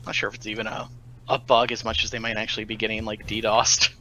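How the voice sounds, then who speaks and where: A man talks quickly with friends over a voice call during a game. His voice is bright and forceful, and he jokes and explains the game's mechanics. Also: on the low side, completely flat delivery, a little hiss or hum. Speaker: gamer on a group voice call. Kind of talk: casual gaming chat.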